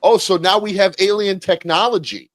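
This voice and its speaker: A man co-hosting a casual movie podcast, rambling and halting with fillers and crude jokes. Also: high-pitched, steady tone, no echo. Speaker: podcast co-host. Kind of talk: casual chat about movies.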